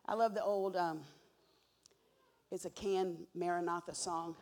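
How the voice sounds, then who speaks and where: A woman preaching a sermon, swinging from hushed whispers to loud, emphatic cries and repeating key words for emphasis. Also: lowish voice, fairly even intonation, unhurried.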